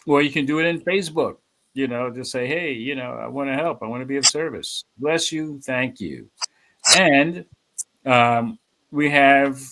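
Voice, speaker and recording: A man giving a sermon's closing and announcements at a spiritual center, relaxed and rambling with many fillers. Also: mid-range voice, slight background noise, poor audio. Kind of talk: casual church announcements.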